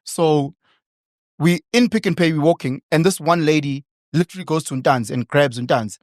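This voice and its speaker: A man co-hosting a casual podcast, chatty and quick with interjections. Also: fairly high pitch, dry recording, studio quality. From South Africa. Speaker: podcast co-host.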